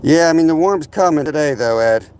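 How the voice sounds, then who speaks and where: A man's voice: on the high side, expressive, a little fast, darkish tone, clean tone. A man hosting a live ice fishing stream outdoors by a lake, losing his voice, talking easily as he walks through his gear and plans. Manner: easygoing, explains gear as he sets up. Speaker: fishing channel host. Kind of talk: casual live-stream chat.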